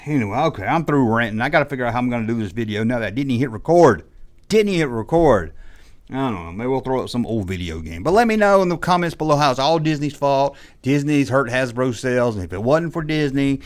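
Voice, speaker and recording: Brief: man, rambling exasperated rant, mid-pitched everyday voice. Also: expressive, fast talker, hardly any pauses. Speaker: toy collector YouTuber. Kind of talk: ranting monologue. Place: indoors, audio only.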